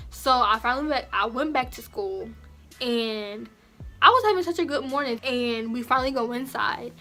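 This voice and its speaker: A young woman recounting a personal story to her viewers in a casual, chatty way. Her voice sits a little high, and she jumps up in pitch and volume whenever she imitates someone. Soft music plays faintly behind her. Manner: animated, acts out quotes in raised voices. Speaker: vlogger.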